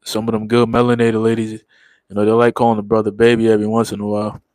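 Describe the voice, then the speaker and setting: A man's voice: lowish voice, completely flat delivery, fast, a little mellow, dry recording, poor audio. Laid-back slangy man in his thirties. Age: 30s. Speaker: livestream host. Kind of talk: casual chat with viewers.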